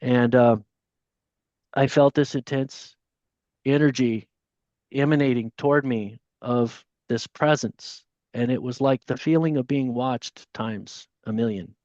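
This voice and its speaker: A man tells a story as a podcast guest and acts out each person in it with lively energy. His voice sits at a middling pitch. The recording is muffled and lo-fi, with a dry, close sound. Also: a little slow, dry recording. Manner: animated storyteller, voices the people in his stories. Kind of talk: casual storytelling. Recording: dull, dry lo-fi audio.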